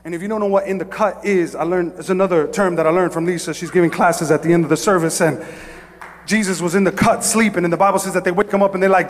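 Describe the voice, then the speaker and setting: A male pastor delivers a sermon, moving between quiet, slow stretches and shouted pleas, frequently repeating phrases and stumbling when he restarts. His voice is high-pitched, and the sound carries the feel of a large room.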